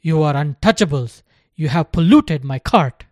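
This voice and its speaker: A narrator voicing a scornful adult cart driver who yells angrily, in a storybook reading. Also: medium pitch, animated, moderate pace, dry recording, clean studio sound, lightly acted. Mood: yelling. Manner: yelling angrily.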